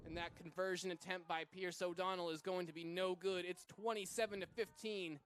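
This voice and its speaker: A man from Massachusetts doing live play-by-play rugby commentary, getting excited when big plays happen. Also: high-pitched, normal speed, few pauses, a little hiss or hum.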